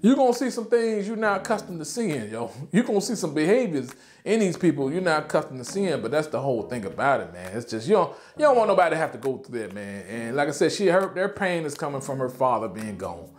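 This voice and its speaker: A man talking casually and excitedly as he reviews a TV show, full of slang and swearing. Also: fairly high pitch, fast, few pauses, faint music behind.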